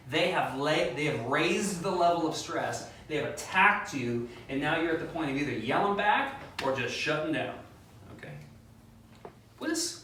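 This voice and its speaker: A man preaching a conversational sermon as pastor, animated, acting out quotes and making joking asides. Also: fairly high pitch, slight background noise. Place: church sanctuary. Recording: very echoey, distant mic.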